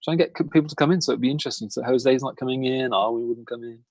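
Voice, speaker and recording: A man's voice: medium pitch, very fast, darkish tone, no room sound. A man co-hosting a casual podcast chat, rambling with lots of fillers and frequent laughter. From outside America, lived in Chicago. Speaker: podcast co-host.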